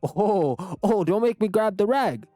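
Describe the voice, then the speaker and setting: A man voicing a brash teenage boy acting like an Italian-style mob tough, picking fights with rapid-fire taunts. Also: sits high, sing-song, a little mellow, no room sound, soft background music, voice pushed up. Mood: aggressive.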